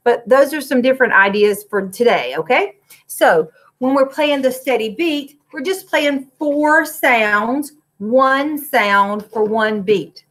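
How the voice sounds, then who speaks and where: A woman's voice: high-pitched, slow pace, a bit bright. A woman music teacher, recording a lesson for young children from her classroom, clapping and chanting rhythms and breaking into short sung lines.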